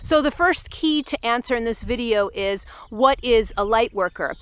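A woman's voice: on the high side, normal speed, smooth, dry recording. A woman spiritual coach speaking to camera on a mountaintop, bubbly and enthusiastic, a little out of breath from the climb. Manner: bubbly, enthusiastic, addresses viewers directly. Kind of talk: outdoor vlog, then spiritual teaching to camera. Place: mountaintop outdoors.

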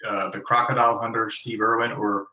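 A man's voice: fairly low pitch, level tone, a little fast, bright, forceful tone. Chatty American man on an echoey call. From Northeast US. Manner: chatty, self-deprecating, many restarts. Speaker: guest author. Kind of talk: casual interview over a call. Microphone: remote call from abroad.

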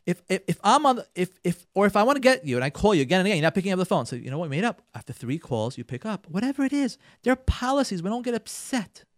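Very animated and high-pitched, this man races through his radio show's marriage advice with hardly any pauses. He talks straight to listeners in an emphatic, instructive way, frequently voicing what husbands and wives say and repeating words to drive points home. The studio sound is clean, with no echo.

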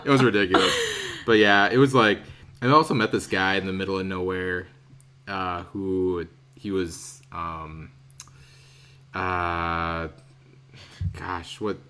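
A man's voice: deep voice, level tone, slow pace, pauses often, pushed and bright, smooth. A young American man on a podcast, telling a rambling travel story in a casual way, with lots of fillers and laughter. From United States. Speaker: podcast co-host.

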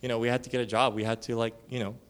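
Racing through a conference sermon, a male church elder with a medium-pitched, clean-toned voice and flat delivery tells casual stories packed with slang and fillers. He plays the people in them, shifting voices as he acts out their dialogue.

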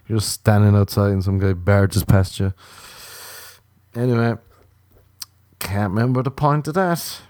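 An Irish man spins a comic anecdote in a low, warm, slightly hoarse voice that sounds a bit sick. He rambles, swears and slips into quoted dialogue. The sound is close and dry. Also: a little slow, long pauses, no room sound. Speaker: comedian. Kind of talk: comic storytelling.

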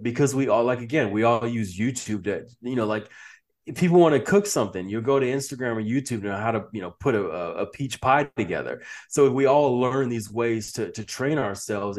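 Male interview guest, average pitch, animated, loose repetitive phrasing. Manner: animated, restarts and repeats words, laughs easily. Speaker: podcast guest, company founder. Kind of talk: casual interview chat.

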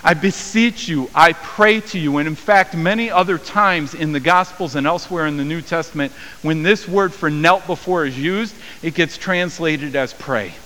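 A man preaching a sermon as a pastor, acting out the voices of the people in his story with rising pitch and volume. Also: moderate pace, few pauses, bright, forceful tone. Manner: acts out quoted voices with raised pitch and volume. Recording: long hall reverb with faint hiss.

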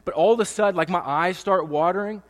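A pastor in his thirties preaches from a church stage, his voice sitting fairly high for a man. He talks in a loose, emotional, conversational way, full of fillers and restarts. A long reverb trails after his words in the hall. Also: quick pace. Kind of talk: sermon.

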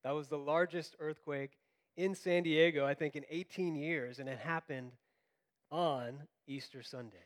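A pastor who grew up in Florida preaches a sermon in an animated storytelling style, acting out the quotes. His voice is fairly high and his pace unhurried.

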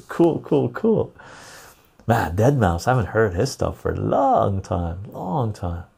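A man's voice: lowish voice, creaky, dark tone. A man hosting a podcast, chatting casually and reading out viewer comments, rambling and laughing often. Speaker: podcast host.

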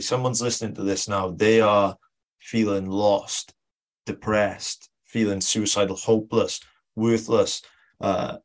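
A man hosting an interview, asking measured, supportive questions. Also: fairly low pitch. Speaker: podcast host.

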